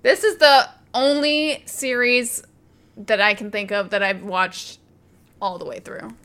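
A woman with a bright, crisp voice chats casually. Her tone is wry and self-deprecating. She speaks a little higher than most women. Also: steady tone, unhurried. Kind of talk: casual chat.

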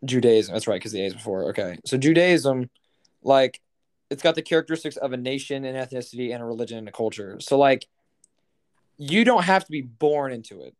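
A man's voice: medium pitch, animated, a little fast. Rambling, swearing young man. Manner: rambling, heavy on fillers and profanity. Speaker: podcast co-host. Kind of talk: casual chat.

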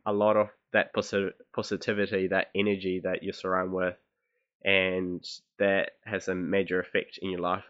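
A man's voice: sits low, sharp tone, smooth. A young man, hosting a casual solo podcast and rambling through his thoughts with many fillers and restarts. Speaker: podcast host. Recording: dull lo-fi recording.

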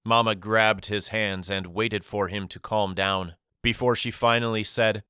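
A man narrates a novel in calm, even storytelling. His voice is low and smooth, with an unhurried pace and a dry, close sound. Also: no room sound. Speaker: audiobook narrator.

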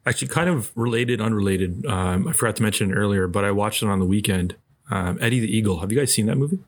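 Low-voiced man chatting loosely. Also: fast talker, slight background noise. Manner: relaxed, rambling, with many fillers. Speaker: podcast co-host. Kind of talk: casual chat about films.

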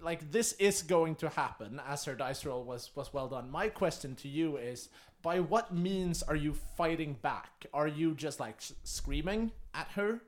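A man's voice: fairly high pitch, animated, a little slow, hardly any pauses. A man running a tabletop game as game master, chatty and laughing, with lots of fillers.

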